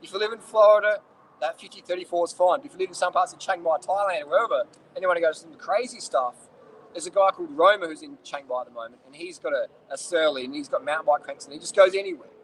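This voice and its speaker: Aussie bloke vlogging, high voice, blunt sweary rant, bit of background noise. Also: male voice, fast talker, fairly bright tone, poor audio. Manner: blunt, profane, ranting. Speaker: cycling vlogger. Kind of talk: casual answering of viewer questions.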